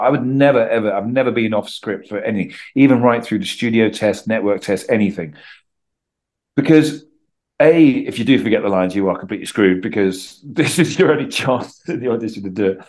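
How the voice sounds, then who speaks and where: A middle-aged Englishman talking casually as a podcast guest, telling animated stories and acting out quotes. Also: lowish voice. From England. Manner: chatty, animated storytelling with acted-out quotes. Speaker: guest actor.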